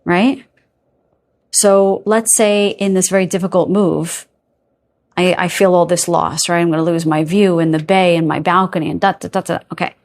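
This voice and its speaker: A woman's voice: on the low side, fairly even intonation, normal speed. A woman giving a casual pick-a-card tarot reading, chatty and rambling, often checking in with "okay?" and "right?". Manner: rambling with playful filler sounds.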